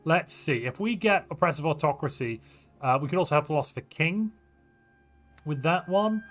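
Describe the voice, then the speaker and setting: Commentating a strategy game on a livestream, a game streamer speaks at a moderate pace in a highish, expressive, fairly bright voice. He's playful, reacting to chat and musing aloud over his options as faint background music plays.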